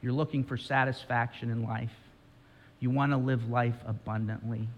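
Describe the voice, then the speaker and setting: A man's voice: medium pitch, fairly even intonation, normal speed, muffled recording. Male pastor preaching in a reverberant hall. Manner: dramatic storytelling, direct appeals to listeners. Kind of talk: sermon.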